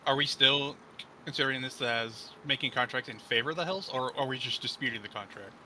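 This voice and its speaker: A man's voice: medium pitch, fairly quick, sharp tone, slight background noise, rough recording. A man playing a tabletop game, arguing a contract point in character with lawyerly, probing questions. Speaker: player.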